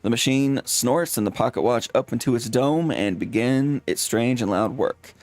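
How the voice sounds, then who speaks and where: A man's voice: mid-range voice, moderate pace, a little mellow. A man streaming a game, reading its text aloud with dramatic flair and playful asides.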